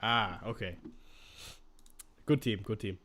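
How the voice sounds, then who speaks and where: A man's voice: lowish voice, takes it slowly, pushed and bright, a little hiss or hum. A young man chatting casually on a live stream, reading out and answering viewer questions as he goes.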